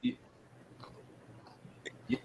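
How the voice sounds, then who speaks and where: A man voicing a frightened male underling who apologizes slowly and stammers. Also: dark tone, lo-fi sound. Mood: grovelling.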